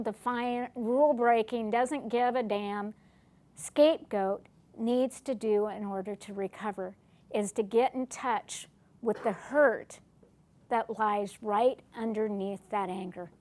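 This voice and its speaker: Middle-aged woman lecturer, slightly high voice, conversational teaching style that poses questions to the room. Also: a little slow. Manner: asks the audience questions, acts out short dialogues. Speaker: lecturer on family recovery. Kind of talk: classroom lecture.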